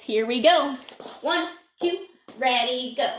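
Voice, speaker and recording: High-voiced upbeat woman music teacher. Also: takes it slowly. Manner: upbeat, encouraging, chanting spelled letters. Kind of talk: online children's lesson. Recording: roomy and noisy home recording.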